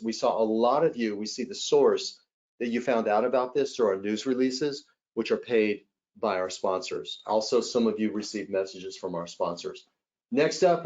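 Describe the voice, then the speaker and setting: Male trainer, mid-pitch, energetic webcast presenter who jumps into character bits; slightly muffled stream sound. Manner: animated, acts out callers and agents in role-play. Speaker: hospitality sales trainer. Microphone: webcast mic.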